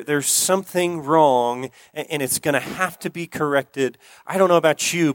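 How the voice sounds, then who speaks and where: A man's voice: on the high side, no room sound. Earnest male pastor preaching. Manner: earnest, repeats key phrases, slows for emphasis. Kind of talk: sermon.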